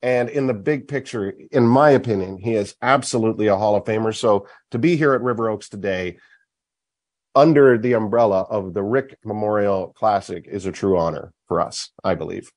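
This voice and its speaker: A man's voice: fairly low pitch, normal speed. A man hosting sports talk at a golf charity event, making an emphatic case point by point. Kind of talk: opinionated hockey talk.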